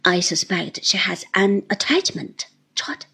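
A woman's voice: mid-range voice, sing-song, a little slow, gravelly, sharp tone, husky, voice pushed down, exaggerated voice. A woman reading a stern elderly aunt, speaking in a clipped, emphatic and blunt way. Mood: firm, earnest.

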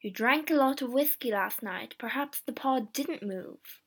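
Woman voicing an excitable old wife. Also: measured pace, slightly rough, full character voice. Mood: insistent. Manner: exclaiming, rising high. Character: anxious old housewife, excitable.

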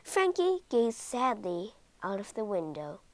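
A woman reading a children's monster story aloud, slowly and expressively. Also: medium pitch, dry recording. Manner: slow, expressive read-aloud.

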